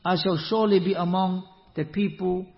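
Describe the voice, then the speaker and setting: High-voiced man teaching in an echoey hall. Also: moderate pace. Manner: animated, with rising rhetorical questions. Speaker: Islamic teacher. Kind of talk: religious lesson with Quran recitation. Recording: echoey hall, muffled lo-fi sound.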